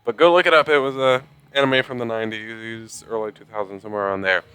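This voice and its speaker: A man's voice: lowish voice, steady tone, fast talker, bright, forceful tone, clear, resonant tone, dry recording. A man casually commenting on a game as he plays, joking and rambling in self-deprecating asides. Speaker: gamer reading game text aloud. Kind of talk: casual let's play commentary.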